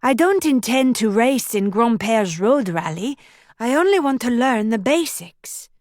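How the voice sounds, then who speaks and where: A woman's voice: a little high, animated, unhurried, darkish tone, no room sound, clean studio sound. A woman voicing a spirited, headstrong young heiress who coaxes and teases playfully. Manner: coaxing, playful.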